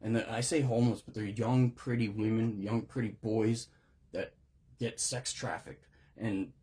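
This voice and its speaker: Male recovery host, low and husky, raw swearing monologue, fighting back tears. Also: little pitch movement, a little slow, warm tone. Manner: profane, raw, rambling with restarts. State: emotional, on the verge of tears. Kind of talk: unscripted monologue.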